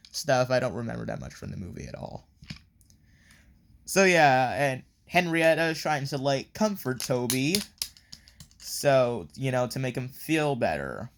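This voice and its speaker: A man casually recapping a story in a rambling review, with many fillers and offhand swearing. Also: medium pitch.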